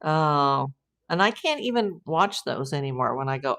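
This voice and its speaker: Reading viewer comments on her casual livestream, this middle-aged American PI host rambles with lots of fillers and restarts. She has a low voice, lively intonation and a normal speaking speed.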